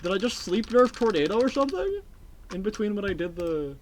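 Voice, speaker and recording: This is a game streamer talking to chat during a live stream. The voice swings widely in pitch and sounds excitable. The talk rambles, with phrases repeated and casual swearing. Faint keyboard typing clicks away in the background. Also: a little fast, background noise.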